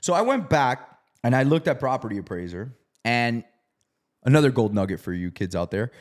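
Male storyteller, casual and profane, animated when quoting others. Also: medium pitch, normal speed. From South Florida. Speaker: real estate investor.

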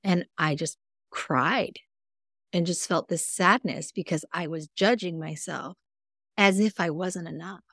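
Candid, expressive woman in a dry recording. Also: unhurried, no echo. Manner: candid, expressive storytelling with sudden pitch jumps; earnest, self-reflective. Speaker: mindfulness coach, podcast guest. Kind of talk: casual interview conversation.

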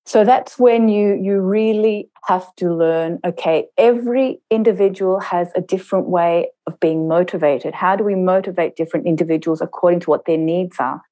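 Low, mellow-voiced woman trainer. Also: poor audio. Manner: measured, slows down to stress points. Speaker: intercultural trainer. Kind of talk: reflective interview storytelling.

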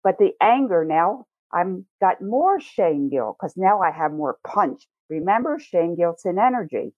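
A woman's voice: deep voice, animated, unhurried, no echo. A woman explaining emotions conversationally, acting out feelings in the first person as she teaches. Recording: tinny phone-like line, dry.

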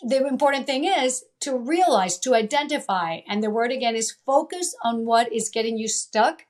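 A woman's voice: fairly high pitch, expressive, normal speed, a little mellow. A woman from Italy and Venezuela, a guest coach in an interview, speaking emphatically and repeating her key phrases. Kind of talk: motivational interview talk.

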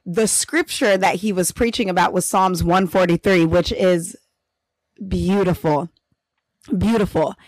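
A woman's voice: fairly low pitch, steady tone, a little slow, no echo, rough recording. Earnest reflective woman co-host. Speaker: podcast co-host. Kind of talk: casual faith chat.

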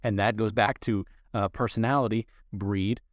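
A man's voice: on the low side, steady tone, normal speed, no echo, clean studio sound. A man who trains dogs, explaining training rules to listeners in an earnest, direct instructional way. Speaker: dog trainer. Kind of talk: instructional podcast talk.

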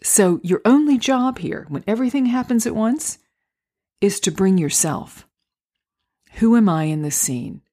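A woman hosting a solo podcast, talking through acting auditions in a gentle, encouraging, unhurried way. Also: mid-range voice, lively intonation. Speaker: podcast host and acting coach. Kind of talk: reflective solo podcast talk. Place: home, recorded near a street.

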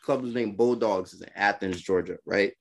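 A young Brooklyn man co-hosting a podcast tells casual stories in an animated way, laughing and acting out voices when quoting people. His voice is on the low side and his speed is normal.

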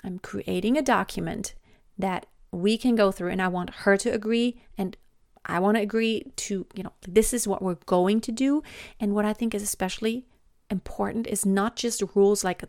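A woman in her thirties talking casually about parenting in a chatty, animated way with many fillers. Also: medium pitch, normal speed, no echo, clean studio sound. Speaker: podcast host, mother. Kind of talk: casual personal monologue.

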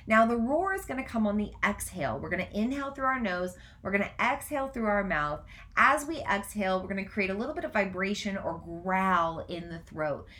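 A woman hosting a casual live stream, talking fast in run-on sentences, then gently guiding a breathwork practice. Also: mid-range voice. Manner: gentle instructive guidance in breathwork. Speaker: spiritual coach and podcast host.

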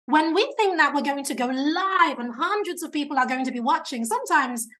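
A woman speaking coach giving advice in an interview, animated and talkative. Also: high voice, a little fast. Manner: animated, chatty, self-described natural talker.

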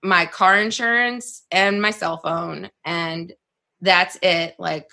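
A young adult woman telling a personal story on a podcast in a casual, animated way, saying "like" a lot and swearing freely. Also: on the low side, slow, vocal fry. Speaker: podcast guest.

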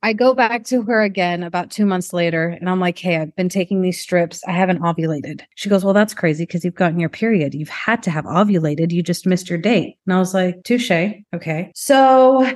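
A woman's voice: on the low side, a little fast, hardly any pauses, dry recording, clean studio sound. A woman, a chiropractor guest, telling a personal story in casual conversation and acting out the dialogue. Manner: animated, acts out dialogue in her story.

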